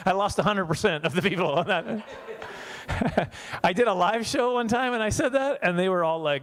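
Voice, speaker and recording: A man's voice: high-pitched, huge pitch swings, a little slow, pauses often, a bit bright. A man from Canada performing a stand-up comedy set in a church hall for a small audience, chatty and self-mocking, slipping into voices for characters.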